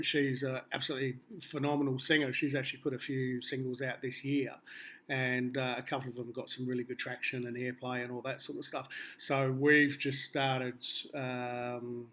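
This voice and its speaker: A man's voice: medium pitch, flat delivery, moderate pace, a bit bright. An Australian man being interviewed, telling rambling anecdotes with a laugh. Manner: rambling, laughing storyteller with many fillers. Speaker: musician guest.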